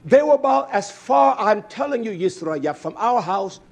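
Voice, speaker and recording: A man preaching a sermon, emphatic, swinging between loud bursts and low murmurs and asking his listeners direct questions. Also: lively intonation, moderate pace. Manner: addresses congregation directly with questions.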